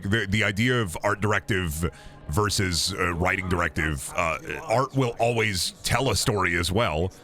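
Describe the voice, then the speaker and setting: A young man casually commentating a game stream, swearing freely and jumping into high, excited yelps when something surprises him.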